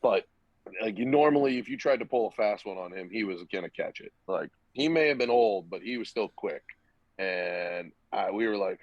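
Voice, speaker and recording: A young man spins a casual, swearing-laced story as a podcast guest, slipping into the other people's dialogue as he tells it. His pitch sits in an ordinary middle range. The recording is dull and lo-fi, with a dry, close sound. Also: normal speed, dry recording. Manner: loose, profane, acts out quoted dialogue.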